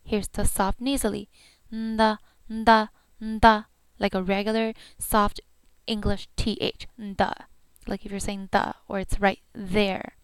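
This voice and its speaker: A woman's voice: mid-range voice, little pitch movement, a little slow, clean tone, no room sound. A woman giving a patient pronunciation lesson, saying each sound several times over. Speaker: language teacher.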